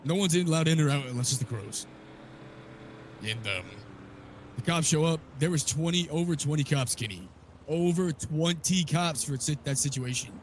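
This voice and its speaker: A man with a slightly high voice tells a long, profane story in character, full of quoted back-and-forth. His delivery is animated and rough-edged. Street noise stays clearly audible behind him. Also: moderate pace. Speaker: roleplay character telling a story. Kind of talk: in-character story recap in a game.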